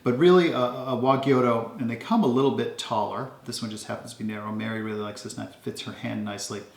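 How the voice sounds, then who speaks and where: A man casually showing off his kitchen knives at home, talking in a relaxed, rambling way with lots of ums. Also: fairly low pitch, fast, gravelly, reverberant. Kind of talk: casual show-and-tell.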